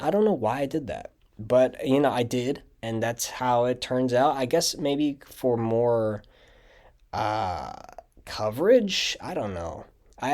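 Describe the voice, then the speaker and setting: A man's voice: medium pitch, darkish tone. A young man talking through his own video projects in casual audio commentary, rambling with lots of fillers and restarts. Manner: rambling, filler-heavy storytelling with frequent "like" and restarts. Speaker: channel creator giving audio commentary.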